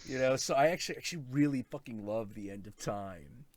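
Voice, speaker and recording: An excitable man hosting a casual stream chat, full of swearing and acted-out quotes. His voice sits in a middle register and sounds dry and close, with no room around it. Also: medium pitch, fairly quick, hardly any pauses, no room sound. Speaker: host.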